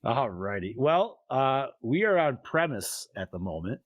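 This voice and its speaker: Animated, profane young man hosting. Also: mid-range voice, measured pace, no room sound, lo-fi sound. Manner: laid-back, profane, animated. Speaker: podcast host. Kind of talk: casual chat.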